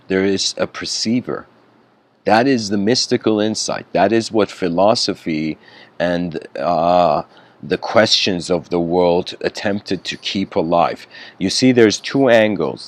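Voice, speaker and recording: A man giving a spiritual lecture, telling a story in a casual, conversational way with frequent asides. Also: lowish voice.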